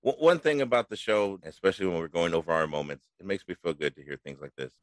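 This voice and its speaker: A man's voice: low voice, fast, no room sound. A man hosting a podcast in casual chat, easygoing and chuckling often. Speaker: podcast host.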